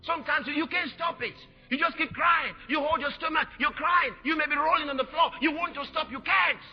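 A man preaching a sermon, exhorting loudly with repeated declarations. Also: very high-pitched, fairly quick. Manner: shouting, exhorting, repetitive declarations. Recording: dull lo-fi sermon recording with music.

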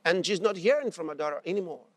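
A man's voice: high voice, lively intonation, fast, no room sound. A man preaching a sermon and telling a story, repeating his phrases for emphasis.

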